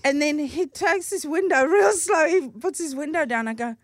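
A woman comedian guest telling an animated story on a radio show, laughing and acting out lines loudly, recorded in a studio. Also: high voice, moderate pace, no echo.

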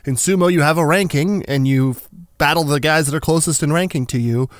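A man's voice: fairly high pitch, a little fast, dry recording, clean studio sound. A man hosting a casual radio news and chat segment, joking and laughing often. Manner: jokey, laughs often, animated. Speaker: radio show host.

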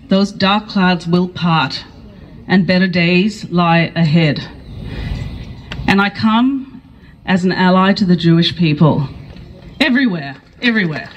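A woman's voice: medium pitch, slight background noise, poor audio. A woman giving an earnest, rousing speech at an outdoor rally, repeating phrases for emphasis. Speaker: politician speaking at a rally.

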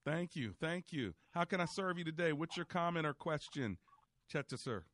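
A man's voice: on the high side, expressive, normal speed, a bit bright, a little hiss or hum. A man hosting a call-in radio ministry show, preaching earnestly and encouraging his callers.

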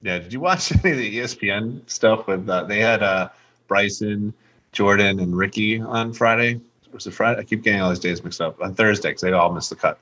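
A man's voice: on the low side, a little fast, sharp tone, muffled recording. A man co-hosting a podcast, chatting casually about golf with a rambling, restart-heavy way of talking. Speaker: podcast co-host. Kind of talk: casual sports chat.

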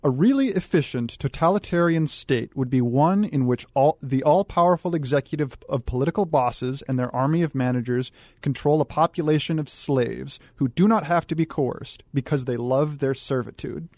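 A man's voice: fairly high pitch, moderate pace, hardly any pauses, a little mellow, no room sound. Articulate male guest, dry studio sound. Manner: articulate, argues a thesis point by point. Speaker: studio guest, analytics director. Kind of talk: radio talk show discussion. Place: radio studio.

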